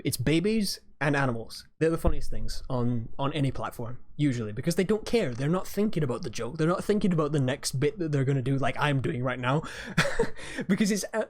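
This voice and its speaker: A man streaming and chatting casually, rambling, swearing freely and laughing at his own tangents as he reacts to videos. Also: a little high. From Australia.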